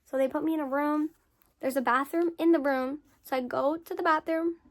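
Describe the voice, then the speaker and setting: High-voiced young woman, frank storyteller. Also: fairly quick. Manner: candid and frank, swears freely; lively storyteller with emphatic repetition. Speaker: content creator answering follower questions. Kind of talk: casual Q&A storytelling.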